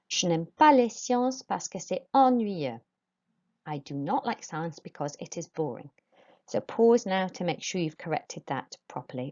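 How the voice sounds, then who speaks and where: A woman's voice: sits low, dark tone, highs cut off. A woman teaching a recorded language lesson, giving patient instructions and modelling pronunciation for pupils to repeat.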